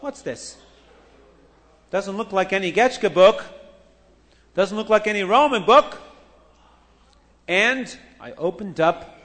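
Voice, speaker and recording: A frantic Roman mother wails in a shrill, very high voice, as a man puts her on. She exclaims with panic in a storybook telling. The sound rings with long hall reverb. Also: fairly bright tone. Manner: wailing, exclamatory.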